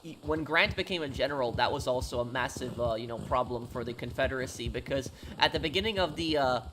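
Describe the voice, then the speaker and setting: A man live-streaming a game talks in a casual, halting way, full of fillers and false starts as he answers his viewers. His voice sits at an ordinary middle pitch. Game noise, hoofbeats and ambience run clearly underneath him. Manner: halting, many fillers and restarts, answers chat questions. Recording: noisy game audio underneath.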